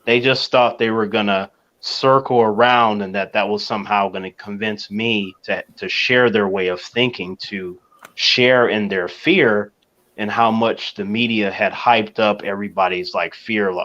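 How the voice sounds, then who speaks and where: A man on a talk panel telling a long personal story in a relaxed, measured way, with soft fillers. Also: on the low side, dull audio.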